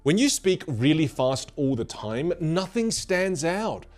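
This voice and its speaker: A man coaching on clear speaking, with a lively delivery that often slows down for emphasis. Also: a little high. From grew up in a Vietnamese and Chinese culture. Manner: animated, demonstrates rambling and fast talk on purpose. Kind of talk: motivational speaking lesson.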